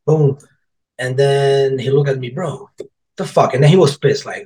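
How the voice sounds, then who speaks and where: A man's voice: medium pitch, moderate pace, poor audio. A man being interviewed on a podcast about his life as an author, telling stories casually in loose, rambling sentences, swearing freely and acting out what other people said. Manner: animated, swears freely, acts out quotes of coworkers and customers; loose, rambling phrasing with restarts.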